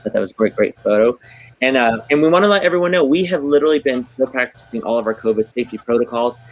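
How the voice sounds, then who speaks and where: A man's voice: mid-range voice, quick pace, rough recording. A man hosting a casual livestream chat for a theater, effusive and gushing, full of ums. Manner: effusive, gushing, many fillers. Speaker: theater host.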